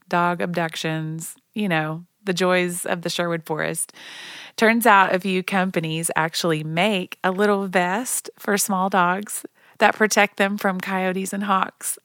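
Woman from Oklahoma, casual storytelling, chatty, self-deprecating humor, lower voice. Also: steady tone, a little slow, a bit bright, no echo, studio quality.

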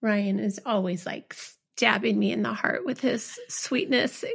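A woman hosts a podcast interview with a gravelly, fry-tinged voice. She asks her guest gentle, heartfelt questions. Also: mid-range voice, fairly even intonation, unhurried. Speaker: podcast host.

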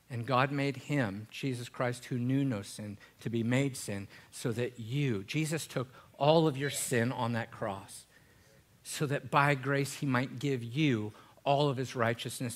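A male pastor delivers a sermon in a church. His voice sits at a middle pitch and rises to loud, urgent emphasis in some passages, then drops to soft, hushed prayer.

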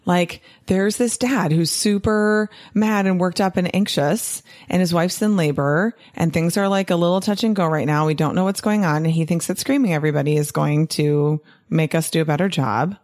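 A woman giving an animated, casual monologue to fellow doctors, often tagging her points with "right?" and laughing. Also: on the low side, moderate pace, few pauses. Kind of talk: casual podcast-style monologue.

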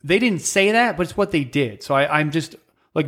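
A man telling comic stories in casual chat, joking and mimicking people in quick put-on voices. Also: on the high side, lively intonation, a bit bright. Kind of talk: casual comedic storytelling.

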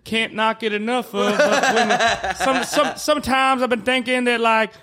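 A man's voice: extremely high pitch, fairly even intonation, unhurried, pushed and bright, voice pushed up, full character voice. A man doing a rambling, word-tangling sports analyst. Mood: earnest. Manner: rambling, mixes up words. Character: impression of a famous basketball analyst, rambling about love.

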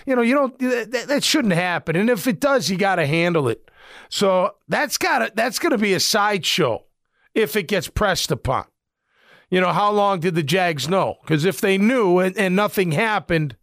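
Middle-aged ex-football guy ranting about his team, high voice, dry close sound, lots of ums. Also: fairly bright tone, no echo. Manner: blunt, rambling, lots of fillers. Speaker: former football player turned commentator. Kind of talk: casual sports commentary.

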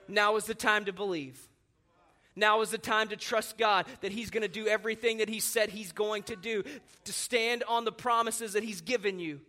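A male pastor preaching a sermon, telling stories with animated, emphatic delivery that rises to shouts. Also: extremely high pitch.

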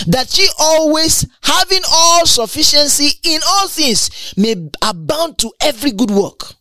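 Woman preacher, Bible teaching, lively swooping pitch, exclamatory, dry close sound. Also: no room sound. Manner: animated, exclamatory, stumbles and repeats words.

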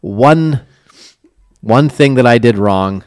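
A man's voice: mid-range voice, lively intonation, slow pace, a little mellow, no room sound, studio quality, faint music behind. A man co-hosting a casual podcast from an office, telling a story with self-deprecating humor. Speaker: podcast co-host. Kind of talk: casual chat. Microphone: studio mic in an office.

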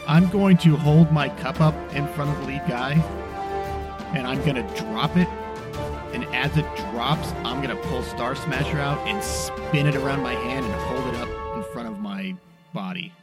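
A man at a tabletop game, speaking for his character in quick, wheedling salesman patter. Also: medium pitch, over loud music. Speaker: player.

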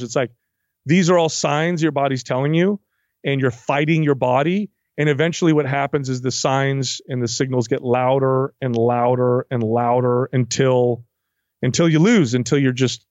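A man's voice: mid-range voice, moderate pace, no echo, dull audio. A man, a fitness trainer, talking casually in an interview and acting out what his clients say. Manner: animated, acts out client quotes.

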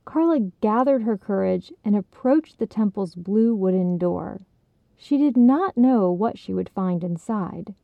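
Calm woman narrator, tinny sound. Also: mid-range voice, unhurried, vocal fry, no room sound. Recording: dry, tinny phone-like sound.

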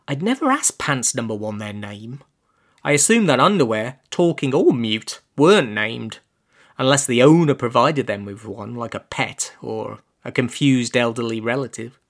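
A man reads a comic story aloud in a quiet, dry, deadpan voice. His pitch sits in the middle range, and he lets the jokes land without any push. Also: normal speed. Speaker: narrator.

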